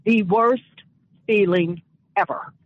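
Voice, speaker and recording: A woman's voice: mid-range voice, slow pace, no echo. Woman, radio talk show, emphatic, repeats phrases for force, dull lo-fi broadcast sound. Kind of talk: impassioned commentary and personal storytelling.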